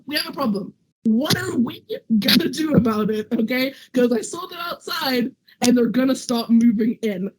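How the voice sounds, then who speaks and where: Playful woman player, slightly high voice. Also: poor audio. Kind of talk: tabletop role-play chat.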